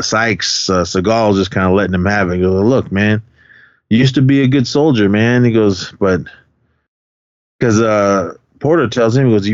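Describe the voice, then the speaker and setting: On a dull, dry, lo-fi recording, a man with a lowish voice co-hosts a podcast. He loosely recaps a movie's plot, wandering with fillers and quoted dialogue.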